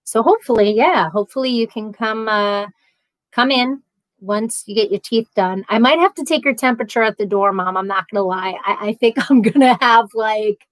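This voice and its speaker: A woman hosts a casual live stream, reading comments aloud and answering them one by one. Her voice sits a little high, and she talks in a loose, rambling way with animated storytelling. The sound is dry and close, with no room echo. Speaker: livestream host reading viewer comments.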